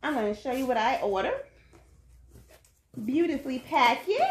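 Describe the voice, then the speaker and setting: A woman's voice: sits high, animated, normal speed, long pauses. Chatty woman vlogger in an echoey room. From Chicago. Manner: chatty, playful, talks to viewers as y'all. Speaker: food vlogger. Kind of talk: casual unboxing and tasting vlog. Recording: echoey room with faint noise.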